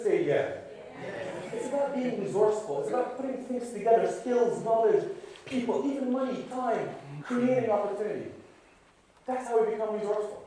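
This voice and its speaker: A man's voice: extremely high pitch, dark tone, slight background noise. A man giving a motivational keynote, emphatic, repeating phrases and questioning the audience. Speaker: keynote speaker. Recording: echoey hall, voice picked up from a distance.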